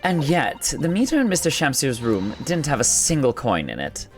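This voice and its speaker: A man's voice: mid-range voice, wildly swooping pitch, normal speed, over music. A man voicing a prim, condescending upper-class lady for a game. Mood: haughty. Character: haughty upper-class lady, company owner's wife.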